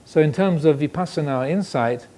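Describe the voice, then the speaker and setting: A man, a Buddhist monk, giving a dharma talk indoors, reflective and pausing, asking questions as he goes. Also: a little high, mellow. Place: indoor room with air conditioner. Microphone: filmed by cameras.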